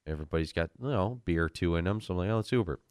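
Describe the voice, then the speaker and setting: A man's voice: sits low, lively intonation, racing, a little mellow, no room sound, clean studio sound. A man casually telling a story to friends, rambling with fillers and acting out the people in it. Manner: laid-back, rambling with fillers, acts out quotes.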